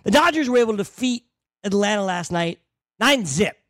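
A man's voice: high-pitched, expressive, a little fast, fairly bright tone, no room sound, studio quality. A man co-hosting a fantasy baseball podcast, reading game results with a wry, dryly sarcastic manner in casual chat. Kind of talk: casual sports analysis chat.

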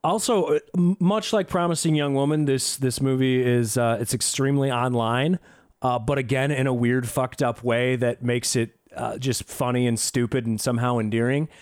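A man hosting a casual podcast, giving a sarcastic, profane and animated movie review. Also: mid-range voice, moderate pace.

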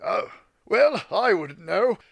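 A pompous adventurer, as a man puts him on in a tabletop game, grandiose and florid. His high voice swoops widely, gravelly in a dry, close-sounding space. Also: lively intonation, takes it slowly, a bit bright, no room sound, full character voice. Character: pompous, self-assured male adventurer.

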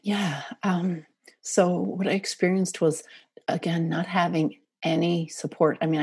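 A middle-aged woman talks earnestly in a podcast interview, her voice low, mellow and slightly husky. She often sinks to a near whisper when she voices what worried parents say. The sound is close and dry. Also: dry recording. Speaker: parent coach for eating disorder families.

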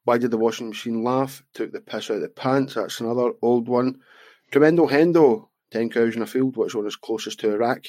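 A man's voice: medium pitch, brisk, a little mellow, dry recording. A Scottish man co-hosting a podcast, casually reading out jokes and chuckling often. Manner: jokey, reads listener jokes, chuckles often. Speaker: podcast co-host. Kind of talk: casual chat.

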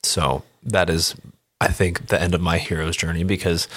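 A man's voice: deep voice, little pitch movement, normal speed, a bit bright, slightly rough. A man who hosts and edits a podcast, chatting casually and joking with dry, self-aware asides. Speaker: podcast host and editor.

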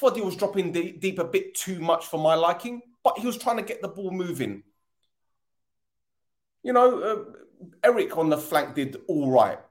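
A man's voice: sits high, animated, normal speed. A man hosting a football fan podcast, ranting angrily, swearing often and repeating himself.

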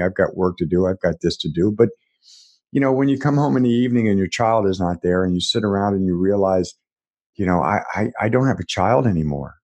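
Middle-aged man, very low voice, husky, earnest, halting, interview guest. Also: a little mellow. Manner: earnest, halting with repeated starts. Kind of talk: reflective conversation.

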